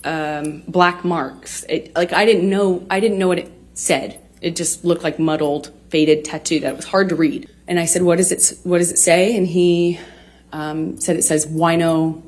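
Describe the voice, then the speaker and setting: A woman in her thirties testifying in court, halting and restarting often with many fillers. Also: fairly low pitch, steady tone, a little mellow.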